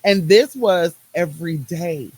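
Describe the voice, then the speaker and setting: A woman with a lowish, darkish voice speaks a little slowly over slight background noise, in a low-quality phone recording. She hosts a podcast and works in the medical field, delivering a personal monologue about her life in an emphatic style, repeating phrases in rhythmic runs and using casual Southern US words like "y'all."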